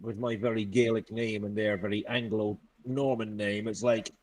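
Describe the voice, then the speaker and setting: A man's voice: lowish voice, flat delivery, moderate pace, darkish tone. A man in casual political chat, blunt, exasperated and heavily profane. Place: England.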